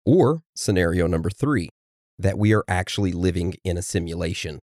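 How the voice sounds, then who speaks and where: A man's voice: sits low, expressive, normal speed, darkish tone, dry recording, clean studio sound. A man co-hosting a podcast in casual chat, steering the episode and reading from notes. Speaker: podcast co-host.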